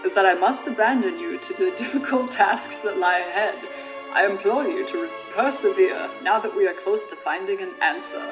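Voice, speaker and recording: A woman's voice: medium pitch, close to an everyday voice, rough recording. A woman voicing a dying male doctor who reads his farewell letter formally, in a loose put-on German-tinged accent. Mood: grave. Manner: formal, measured letter reading. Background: game music.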